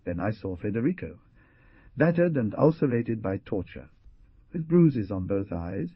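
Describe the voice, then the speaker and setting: A man narrating an audiobook in a dramatic, expressive reading. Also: lowish voice, a little slow, slightly rough, no room sound. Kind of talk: scripted narration. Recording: dull lo-fi dry recording.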